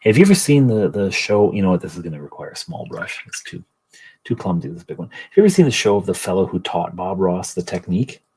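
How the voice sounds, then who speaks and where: A middle-aged man talks casually on a livestream, rambling and joking at his own expense. His voice is deep and a little husky. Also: very animated, fast talker, a little mellow, poor audio. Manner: rambling, self-deprecating, joking. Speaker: livestream host. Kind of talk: casual chat while painting miniatures.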